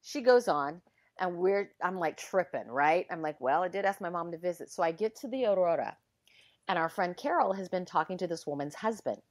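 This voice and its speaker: A middle-aged woman telling a heartfelt personal story in casual conversation. She acts out the dialogue and sometimes drops to a hush. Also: fairly low pitch, animated, a little fast. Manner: heartfelt and emotional.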